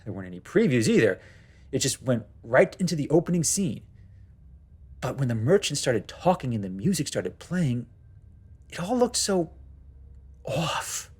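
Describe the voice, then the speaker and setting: A man with a husky voice tells a first-person horror story. His delivery is tense and dramatic, and his pitch rises and falls in a lively way. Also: normal speed. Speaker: narrator.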